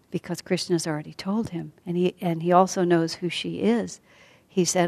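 A woman teaching a class as a storyteller, speaking softly and often sinking to a near whisper. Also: on the low side, flat delivery, moderate pace, creaky. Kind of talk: storytelling lesson.

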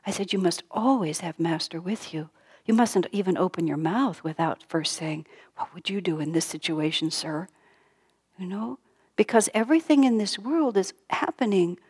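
A middle-aged woman giving a sermon, speaking gently and dropping to a soft whisper on key lines. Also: fairly low pitch, husky. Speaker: spiritual teacher.

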